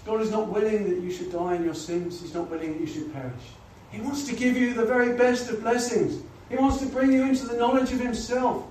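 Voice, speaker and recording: A man's voice: high-pitched, brisk, few pauses, a little mellow. A man preaching a gospel sermon, earnest and pleading, often saying "you know". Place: church or gospel hall. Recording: echoey hall, voice from far off, faint noise.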